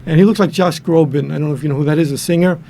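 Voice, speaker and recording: A man's voice: a little high, fairly even intonation, very fast, dark tone. An older man from the New York and New Jersey area, a guest in a casual chat, telling jokes in a rambling way with many restarts. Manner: rambling, repeats and restarts words, acts out quotes.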